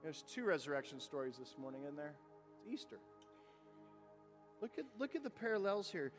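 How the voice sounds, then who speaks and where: A man with a high voice preaches an Easter-style sermon, reading scripture and pressing his points with mounting fervor. His voice carries through a big room with a long reverb, and soft music sits underneath. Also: very animated, moderate pace. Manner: preaching with rising intensity, reading scripture aloud. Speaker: pastor.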